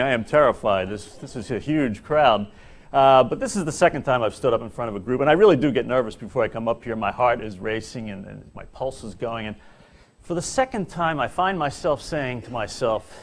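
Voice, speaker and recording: A middle-aged man gives a comic speech to a large employee audience, telling stories with animated, self-mocking delivery and dramatic pauses. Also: mid-range voice. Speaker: corporate speaker at an employee seminar. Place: large hall before an audience.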